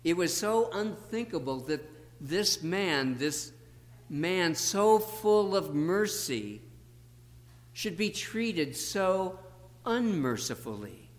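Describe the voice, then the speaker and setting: A man preaching a sermon as a pastor, slow and deliberate, with emphatic pauses. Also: sits high, animated, big-room sound.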